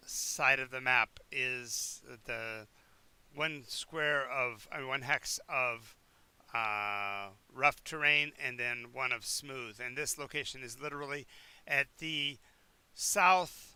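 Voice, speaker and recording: Bright, clear-voiced man running a tabletop game. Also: mid-range voice. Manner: halting, with many restarts and fillers while checking the map. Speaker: game master. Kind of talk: narrating a tabletop game over a live stream.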